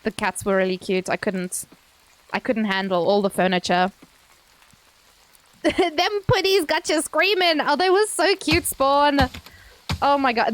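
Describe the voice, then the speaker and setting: A woman VTuber streaming a game in casual live commentary, excitable and squealing, swearing freely into a desk microphone. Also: high voice, slight background noise.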